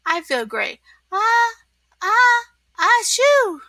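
A woman doing a squeaky, excitable sea sponge. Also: a little slow, no echo, full character voice. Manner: high squeals, loud fake sneezes. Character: excitable young male sea sponge, sickly.

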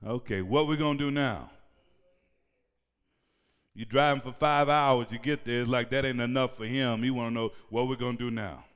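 A male pastor preaching a sermon in a church, shouting at times and leading call-and-response with the congregation. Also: medium pitch, fairly even intonation, moderate pace, long pauses, clean tone. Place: church sanctuary. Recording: reverberant church hall.

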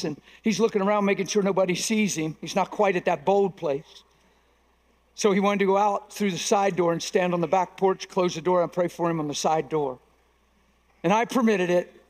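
A middle-aged man preaching a sermon as a pastor, emphatic and animated, acting out dialogue from his stories. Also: high voice, moderate pace. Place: large conference hall. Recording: long reverb of a large hall.

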